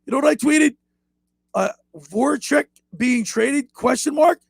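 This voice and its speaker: A man hosting a sports radio show in a studio, chatting excitedly with his co-host. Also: very high-pitched, a little slow, vocal fry, no echo. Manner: excitable, animated storyteller. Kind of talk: casual sports radio chat.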